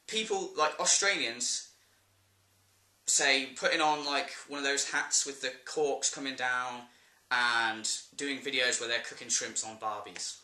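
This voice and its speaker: A man's voice: medium pitch, measured pace, sharp tone, reverberant. A man with an English accent ranting in a vlog, blunt and sweary with an exasperated edge. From England. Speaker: vlogger.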